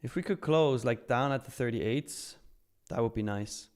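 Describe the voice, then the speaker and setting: A man's voice: mid-range voice, moderate pace, a little mellow, clear, resonant tone. Upbeat Swiss man hosting a trading stream. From Switzerland. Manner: upbeat, chatty, hyped by milestones. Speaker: host of a live trading stream. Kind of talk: live-stream commentary, reading chat aloud.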